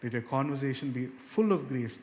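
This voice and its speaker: A male pastor preaching a sermon earnestly, rising and slowing as he quotes scripture. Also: expressive, a little mellow, slight background noise. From India. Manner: earnest, rises in pitch and slows down on scripture verses. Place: church hall. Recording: long reverb of a church hall, faint ambience.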